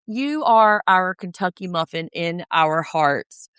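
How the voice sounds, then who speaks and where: A woman's voice: fairly low pitch, expressive, slow pace, a bit bright, clean tone, dry recording, clean studio sound. Profane, ranting woman podcast host. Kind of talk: casual recap chat.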